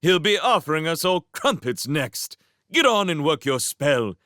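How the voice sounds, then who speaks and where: A scheming young prince, a storybook villain who plays every threat for drama, as a man reads him. His voice is pitched up and drawn out slowly on the menacing words, with a bright, forceful edge. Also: sing-song, dry recording, studio quality, full character voice. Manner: theatrical and menacing.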